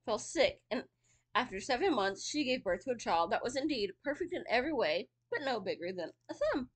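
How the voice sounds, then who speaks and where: A woman's voice: a little high, big pitch swings, brisk. A woman casually reading a fairy tale aloud, with chatty asides. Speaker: storyteller.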